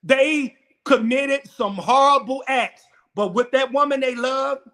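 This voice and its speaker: A man hosting a men's round table, talking in an impassioned, preaching style that repeats phrases and rises to shouts. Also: very high-pitched, a little slow.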